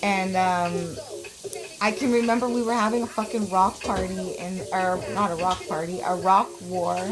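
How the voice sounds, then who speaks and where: A woman's voice: medium pitch, fairly even intonation, moderate pace, a crowd in the background, rough recording. Brief: woman in her forties from Canada, casual vlogger, crude and blunt, rambling with lots of fillers. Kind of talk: casual storytelling vlog.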